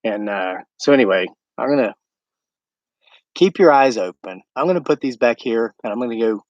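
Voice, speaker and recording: A man's voice: medium pitch, animated, normal speed, no room sound, muffled recording. Chatty American man on a livestream. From United States. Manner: chatty, rambling, talks to live viewers. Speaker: homesteading livestream host. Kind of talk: casual livestream chat. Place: outdoors at night by his woods.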